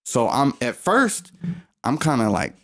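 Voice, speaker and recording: A man's voice: mid-range voice, big pitch swings, unhurried, fairly bright tone. A young man co-hosting a podcast, talking casually and filling his sentences with ums and likes. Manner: laid-back, lots of likes and ums. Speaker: podcast co-host. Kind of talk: casual chat.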